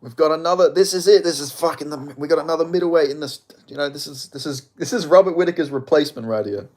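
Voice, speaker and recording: An Australian man giving a live fight reaction, excitable and profane, shouting at big moments. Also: fairly high pitch, fast talker.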